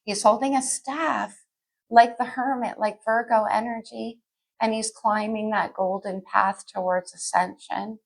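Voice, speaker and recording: A woman's voice: a little high, steady tone, a little slow, vocal fry. A woman giving a casual tarot reading to camera, chatty and a little scattered, thinking aloud as she pulls cards. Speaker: tarot reader.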